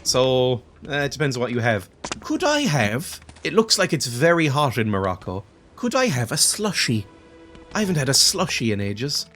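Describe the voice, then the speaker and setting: A man's voice: medium pitch, huge pitch swings, normal speed, a bit bright, soft background music. A man hosting a let's play, giving casual, chatty commentary that mocks himself as he plays. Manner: chatty, self-mocking, laughs often.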